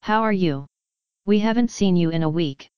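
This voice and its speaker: A woman's voice: on the low side, moderate pace, clear, resonant tone, dry recording, highs cut off, lightly acted. A woman reading as a chirpy, eager warrior sister.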